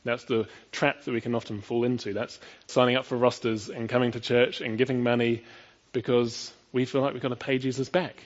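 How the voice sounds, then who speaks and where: A man's voice: medium pitch, level tone, a little fast, highs cut off. A man preaching a sermon, earnest and full of rhetorical questions, building to emphatic peaks.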